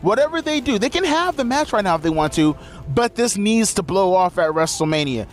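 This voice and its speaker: A man's voice: high-pitched, big pitch swings, a little fast. A man giving a casual, profane, rambling recap of a wrestling show.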